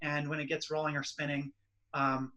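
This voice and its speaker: A man's voice: on the high side, little pitch movement, normal speed, pushed and bright, highs cut off, slight background noise. A young man co-hosting a casual chat, talking loosely with many fillers and explaining a project step by step. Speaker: podcast co-host.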